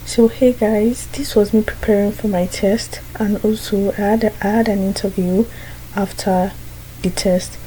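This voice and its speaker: A young woman talks to her camera in an earnest, chatty way. Her voice is mellow and fairly flat in pitch, with faint room noise behind her. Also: measured pace, poor audio. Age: young adult. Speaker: vlogger. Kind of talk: casual vlog talk to camera.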